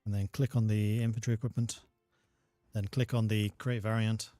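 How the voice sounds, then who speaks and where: A man's voice: fairly low pitch, little pitch movement, normal speed, dark tone, no echo, faint music behind. A male game developer explaining a strategy game step by step on a livestream, patient and methodical.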